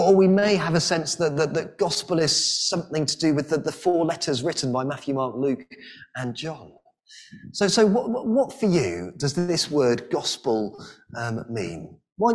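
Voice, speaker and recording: Male preacher, earnest and halting, somewhat higher voice. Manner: earnest, frequent repeated-word restarts. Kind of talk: sermon.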